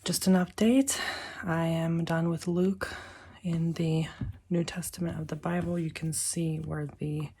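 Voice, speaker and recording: A man chatting casually to camera as a vlogger in his garage, full of fillers, dropping to soft whispers and rising to loud excitement. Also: a little high, a little slow, slightly rough. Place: home garage by a car.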